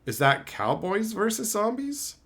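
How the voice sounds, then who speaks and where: With a high-pitched, sing-song and somewhat bright voice at a measured pace, a Canadian man chats on his livestream. He reads viewers' messages aloud and answers with sarcasm, swearing and exasperated outbursts.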